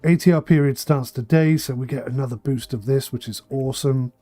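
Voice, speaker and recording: A man's voice: mid-range voice, fairly even intonation, a little fast, mellow, no room sound, faint music behind. A man streaming a management game for charity, thinking aloud with dry asides and a slightly tickly throat. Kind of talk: casual charity livestream commentary.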